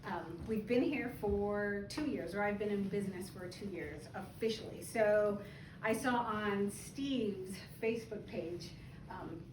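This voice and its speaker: At an open house party, a spa owner and esthetician tells a story to a small group in a chatty, informal way, laughing now and then. Her medium-pitched voice moves a little slowly. The recording is distant and echoey, with chatter and noise in the background.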